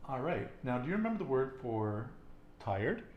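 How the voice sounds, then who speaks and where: A man's voice: medium pitch, sing-song, moderate pace, echoey room, muffled recording, a little hiss or hum. A man teaching a casual Spanish lesson, patiently quizzing his student with questions.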